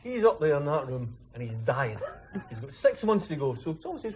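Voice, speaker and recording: A man, a former footballer telling a lively anecdote in an interview. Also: on the high side, normal speed, slight background noise. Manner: animated, mimics others while telling a story. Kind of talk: storytelling anecdote.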